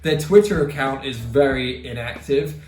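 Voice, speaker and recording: A man's voice: medium pitch, moderate pace, darkish tone. A man hosting a casual music vlog, chatty and enthusiastic, with playful asides. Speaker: YouTube music channel host. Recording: roomy echo, distant mic, music behind.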